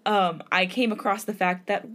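A woman's voice: medium pitch, steady tone, normal speed, fairly bright tone. A young woman co-hosting a podcast, chatting casually, gushing and laughing often, easily moved. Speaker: podcast co-host. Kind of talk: casual chat.

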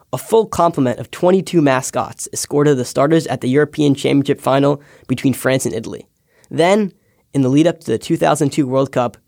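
A man's voice: medium pitch, darkish tone, no room sound, studio quality. Young man reading a personal essay. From United States. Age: young adult. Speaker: intern. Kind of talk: scripted personal essay narration.

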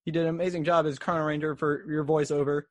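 A man's voice: fairly high pitch, flat delivery, quick pace. Eager man with a raised voice. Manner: eager, enthusiastic fan, stammering restarts, laughs often. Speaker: interviewer, fan host. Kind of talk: casual interview chat.

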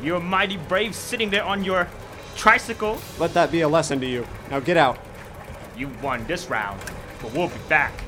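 A man voicing a tough male tricycle-riding western hero and gang boss in a comedy movie-trailer spoof, with a gruff drawl. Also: fairly high pitch, moderate pace, bright, forceful tone. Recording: distant voice over music.

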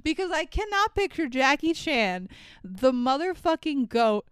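A woman co-hosting a casual movie review chat, animated and swearing, playing up her confusion and acting out the characters. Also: high voice, a little slow, no room sound. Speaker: podcast co-host.

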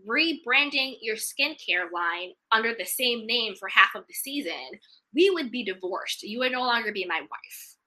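Woman, young adult, sassy, emphatic, very bright tone, slightly high. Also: animated, moderate pace. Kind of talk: casual reality-TV gossip chat.

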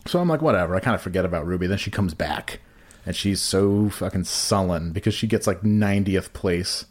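Rambling crude-joking man, low voice. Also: fairly quick. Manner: crude, rambling, frequent fillers and restarts. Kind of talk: casual comedic storytelling.

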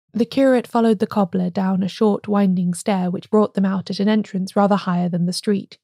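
A woman narrating an audiobook in a measured, even reading. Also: medium pitch, no room sound, studio quality.

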